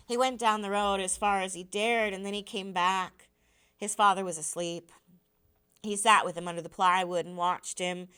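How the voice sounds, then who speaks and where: A woman teacher reading a novel aloud in a measured, even narration. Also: medium pitch, clean tone.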